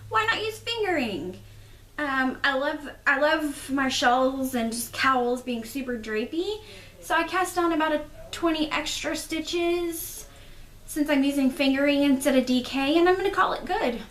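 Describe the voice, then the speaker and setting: A woman's voice: high-pitched, measured pace, fairly bright tone. A young woman hosting a casual crafting video, chatty and self-deprecating with rambling asides. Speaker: podcast host. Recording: echoey room.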